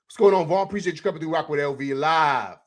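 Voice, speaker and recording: A young adult man hosting a casual postgame livestream, breaking down highlights and greeting viewers in an excited, chatty way that is full of fillers. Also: fast talker. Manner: excited, animated, repeats "man" and "you know what I'm saying". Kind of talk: casual sports commentary over highlights.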